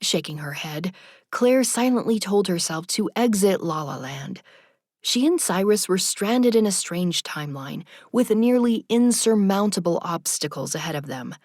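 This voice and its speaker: A woman reading an audiobook narration in a soft, even, intimate manner. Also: medium pitch, moderate pace, no echo, clean studio sound.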